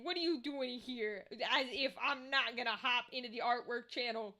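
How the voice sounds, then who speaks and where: High bright voiced girl streamer rambling to chat, cursing here and there. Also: moderate pace, few pauses. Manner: rambling, chatty, reads chat aloud, swears casually. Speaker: livestreamer. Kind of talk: casual chat with chat.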